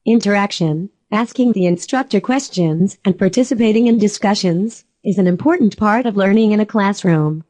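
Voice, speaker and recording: A synthetic female voice giving a calm, explanatory scripted lesson narration. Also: mid-range voice, normal speed, few pauses, no room sound.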